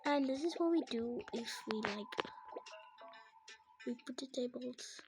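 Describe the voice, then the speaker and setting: A woman's voice: a little high, measured pace, music in the background. A young female speaker rambling hesitantly while narrating a home-building game, with many restarts. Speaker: gameplay video maker. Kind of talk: casual gameplay narration with role-play.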